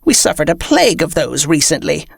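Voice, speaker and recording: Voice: mid-range voice, wildly swooping pitch, brisk, vocal fry, breathy edge, dry recording, studio quality, full character voice. A reader voicing an old, wry, no-nonsense witch.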